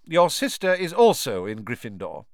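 A man putting on a severe older schoolmistress with a raised, sharp, clipped voice. Her lines come crisp and dry, close to the mic. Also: a little high, huge pitch swings, moderate pace, dry recording, voice pushed up. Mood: stern. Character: stern older female professor, sharp.

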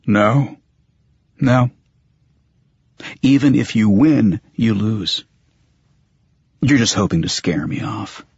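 A man's voice: lowish voice, takes it slowly, creaky, pauses often, a little mellow, breathy edge, no echo, full character voice. A man reading an audiobook, voicing a cold, menacing male vampire who speaks in curt threats. The recording sounds dull and dry. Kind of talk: audiobook character voice.

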